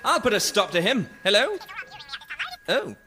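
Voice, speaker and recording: An actor playing a silly, foppish Victorian gentleman in a radio comedy sketch. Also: sits high, big pitch swings, unhurried, over music.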